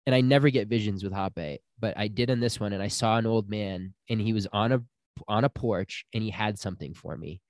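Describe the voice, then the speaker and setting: A man's voice: fairly low pitch, a little fast, no room sound. Young guy telling a long story, dry close sound, does the voices of people in it. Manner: animated storyteller, acts out quotes. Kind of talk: casual storytelling.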